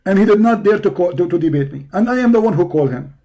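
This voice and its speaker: A man with a hoarse voice hosting a live online show, delivering a heated, taunting monologue full of repeated insults and challenges. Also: sits high, lively intonation, fast, mellow. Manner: taunting, confrontational, repetitive insults. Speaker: online debate show host. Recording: live stream over a poor connection.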